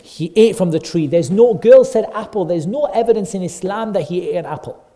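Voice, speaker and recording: Male teacher for a kids' class: high-pitched, soft mellow tone, animated storyteller who repeats himself and questions the children. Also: fairly quick.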